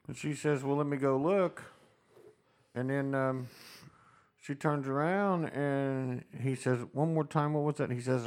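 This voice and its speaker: A man's voice: medium pitch, lively intonation, a little slow. A middle-aged man on a podcast, telling a joke in a folksy, casual way and doing the characters' lines. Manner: folksy, tells jokes with voices for the characters. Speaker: podcast co-host.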